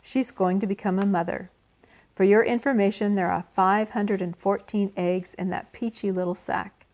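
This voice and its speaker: A woman's voice: medium pitch, fairly even intonation, normal speed, a little mellow, muffled recording, natural voice. A woman voicing a naive young male pig in a raised, earnest, wondering voice.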